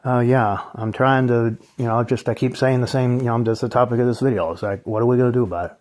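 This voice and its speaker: A man delivering an angry, profane vlog rant at middle pitch. He talks in a bitter, scornful way and breaks into short mocking laughs as he complains about the world to his viewers. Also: fairly even intonation, fast talker, a little mellow. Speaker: channel host.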